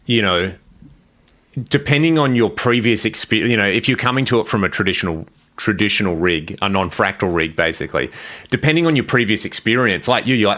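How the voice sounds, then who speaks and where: Man, gear podcast host, lowish voice, chatty, self-deprecating. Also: animated, fairly quick, a bit bright. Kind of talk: casual podcast chat.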